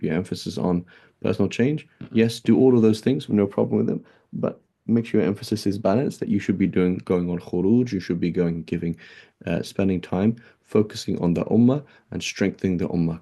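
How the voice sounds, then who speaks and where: The speaker, an Islamic teacher, delivers a laid-back classroom lecture on religion, filling it with hesitations and rhetorical "right?" checks. He has a low, dark voice touched by vocal fry.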